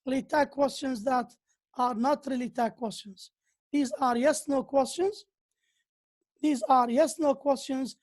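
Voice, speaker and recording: A woman's voice: high voice, measured pace, a little mellow. A woman lecturing on grammar who often repeats key phrases and reads out examples. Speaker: university lecturer. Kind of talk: slow lecture on English grammar.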